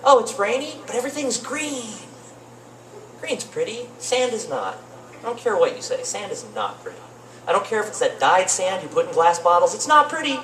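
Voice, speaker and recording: A young man doing rambling open-mic stand-up comedy in a cafe, with deadpan asides. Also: high voice, a little fast. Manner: rambling, deadpan asides, lively swings into mock voices. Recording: roomy cafe with faint noise, distant mic.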